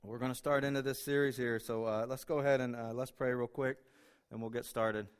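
A man delivers a church sermon in a relaxed, emotional way, often pausing on "uh" fillers. His voice is smooth and clear at an ordinary pitch for a man. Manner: emotional, chatty, self-deprecating, many fillers. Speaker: guest preacher. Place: church sanctuary.

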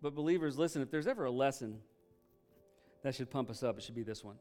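A man preaching a sermon as pastor, emphatic and rising to loud peaks, then dropping soft for prayer. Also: medium pitch, fast, faint music behind. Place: church.

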